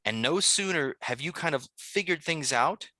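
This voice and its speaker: A man's voice: a little high, expressive, moderate pace, pushed and bright, dry recording, clean studio sound. A man running a tabletop game as game master, talking in a loose, rambling way with many fillers.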